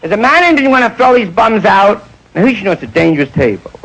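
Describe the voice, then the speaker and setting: A man doing stand-up storytelling, jumping into quick voices of the people in his stories. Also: high-pitched, big pitch swings, a bit bright, a little hiss or hum, low-quality recording. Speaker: stand-up comedian.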